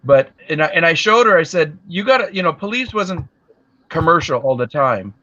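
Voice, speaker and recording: Middle-aged man, slightly high voice; easygoing guest on a live call, dull and dry audio. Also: expressive, normal speed, sharp tone, no echo. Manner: laid-back, trailing off with "you know". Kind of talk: casual chat on a live stream.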